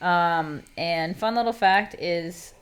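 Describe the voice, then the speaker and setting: A woman with a somewhat low voice co-hosts a podcast and tells her own story in casual chat. She speaks frankly and wryly, leaning on fillers like "um" and swearing casually. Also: slow, clear, resonant tone. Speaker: podcast co-host.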